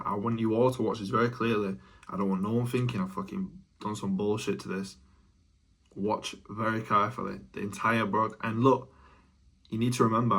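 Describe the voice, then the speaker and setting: A man's voice: fairly low pitch, fairly bright tone, far from the mic. A young man giving live trading commentary, swearing often and growing frustrated. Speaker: trading vlogger. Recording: roomy, off-mic echo.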